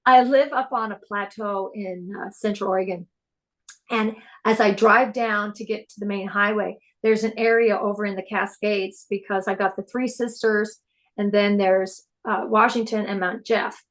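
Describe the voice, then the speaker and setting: A woman guest on a podcast, telling personal stories in an excitable, animated way. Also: medium pitch, normal speed. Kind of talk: casual spiritual interview chat.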